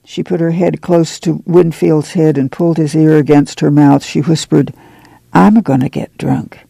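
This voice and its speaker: A man reading a novel aloud for a radio program in plain, even narration at a close studio microphone. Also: a little high, moderate pace, gravelly, dry recording, rough recording. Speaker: audiobook reader.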